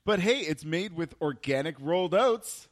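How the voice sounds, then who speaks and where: A man's voice: a little high, lively intonation, moderate pace. A man with a slightly raised voice co-hosts a casual taste test. He groans and complains with exaggerated disgust at the food.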